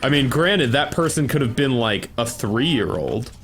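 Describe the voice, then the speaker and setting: A young American man hosting a casual voice-call chat, teasing with deadpan sarcasm and heavy swearing. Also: mid-range voice, a little slow. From United States. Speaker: streamer, channel host. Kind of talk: casual banter.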